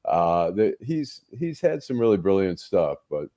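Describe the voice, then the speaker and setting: A man on a panel show, chatting casually and acting out comedy scenes with lively retelling. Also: sits low, measured pace, dry recording, studio quality. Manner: animated storyteller, acts out scenes.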